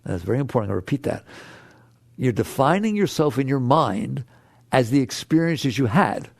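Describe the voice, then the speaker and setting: An older man and spiritual teacher who gives an animated, conversational talk to a live audience, asks them questions and acts out inner voices. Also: mid-range voice, moderate pace, creaky, no room sound, studio quality.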